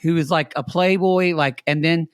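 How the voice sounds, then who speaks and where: A man's voice: fairly high pitch, steady tone, moderate pace, clean tone, no room sound, clean studio sound. A man co-hosting a podcast, giving blunt, profane opinions in casual chat about a reality show. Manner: blunt, opinionated, cursing freely. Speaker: podcast co-host.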